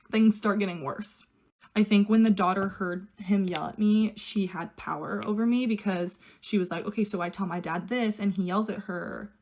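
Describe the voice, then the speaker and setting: Chatty young woman telling a storytime. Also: mid-range voice. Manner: chatty, heavy use of "like", quoting others in her own voice. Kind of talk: casual get-ready-with-me storytime.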